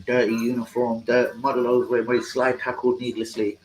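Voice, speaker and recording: A man hosts a live stream and chats about football, rambling and swearing a lot. He gets excitable, and his voice sits at an ordinary middle pitch. A faint hum of noise runs behind him. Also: a little fast, poor audio.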